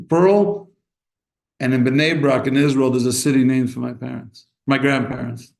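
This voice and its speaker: A man preaching as a rabbi, animated and impassioned, acting out short exchanges as he speaks. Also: mid-range voice. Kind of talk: sermon. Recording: echoey room.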